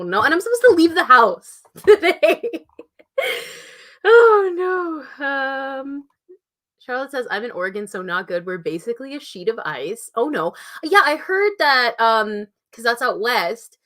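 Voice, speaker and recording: A woman's voice: a little high, fairly bright tone. A woman in her twenties with a Canadian accent, chatting casually on a livestream, reading out chat messages and laughing often. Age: 20s. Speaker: writing channel host.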